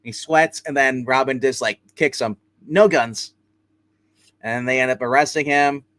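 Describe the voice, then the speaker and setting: A man in a casual comic book recap, talking in a middle-pitched voice with loose, filler-heavy rambling. He jumps into quick impressions of the characters as he retells the story. The sound is close and dry, with no room echo. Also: a bit bright.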